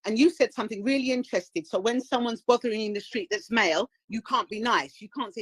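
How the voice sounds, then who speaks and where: A woman phones in to a live stream, her fairly high voice coming through dry and close. She tells her story indignantly and switches into the voices of the other people in it. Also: animated, fast talker, hardly any pauses, breathy edge, dry recording, low-quality recording. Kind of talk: animated storytelling.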